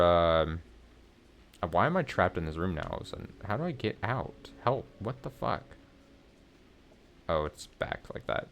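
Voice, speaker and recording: A man with a fairly low voice talks casually over a video game he is playing. He mutters to himself and makes wry, self-mocking asides as he goes along. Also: creaky, fairly bright tone, clear, resonant tone. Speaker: let's play streamer. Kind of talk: casual gameplay commentary.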